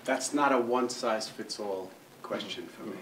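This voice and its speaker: An older man talking about his photography in an interview, measured and thoughtful, with pauses in the middle of sentences. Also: on the low side, a bit bright, slight background noise. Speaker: photographer guest. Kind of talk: reflective conversational interview. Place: museum room with audience. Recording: roomy hall, distant mic, faint ambience.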